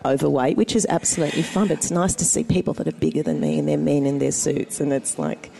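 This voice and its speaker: Middle-aged Australian woman, mellow and joking. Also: low voice, sing-song, fast talker, vocal fry, a little hiss or hum. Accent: Australian with American mix. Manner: self-deprecating, jokey, laughs often. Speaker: guest comedian, actor and writer. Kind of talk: casual interview chat.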